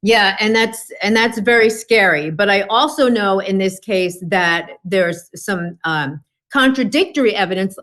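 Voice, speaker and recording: A woman's voice: mid-range voice, unhurried, a bit bright. A woman giving frank, emphatic legal commentary on a talk show panel. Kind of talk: panel discussion.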